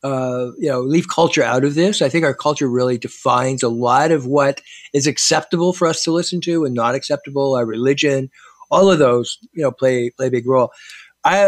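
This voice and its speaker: A man's voice: mid-range voice, a little fast, no echo, clean studio sound. A man in casual conversation, telling stories with lots of fillers and restarts. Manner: animated storyteller, many fillers and restarts.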